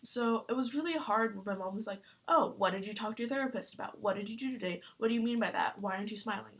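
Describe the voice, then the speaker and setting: A young woman talking earnestly in a personal vlog, halting with fillers and close to tears. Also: mid-range voice, fairly bright tone. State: tearful. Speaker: vlogger.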